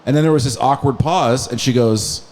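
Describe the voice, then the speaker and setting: A man co-hosting a casual podcast who cracks jokes and throws out quick one-liners. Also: medium pitch, a little mellow, a little hiss or hum. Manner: joking, quick with wisecracks. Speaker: podcast co-host. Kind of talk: casual chat.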